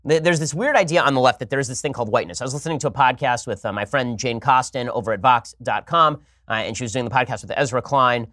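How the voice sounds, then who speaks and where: A man's voice: medium pitch, bright, forceful tone, dry recording, clean studio sound. A man hosting a political talk show, delivering a sarcastic, argumentative commentary monologue. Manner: rapid-fire, argumentative, sarcastic.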